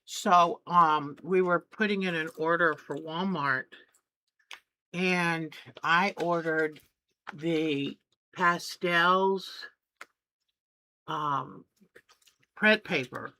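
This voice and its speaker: Slow-talking chatty older quilter woman. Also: lowish voice, bright, forceful tone. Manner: rambling and homey, with many fillers and restarts. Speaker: quilting channel host. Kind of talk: casual chat.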